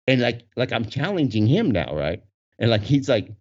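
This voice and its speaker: A man telling a casual story with animated energy, laughing often and acting out the voices of the people in it. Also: mid-range voice, brisk. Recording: dull lo-fi recording.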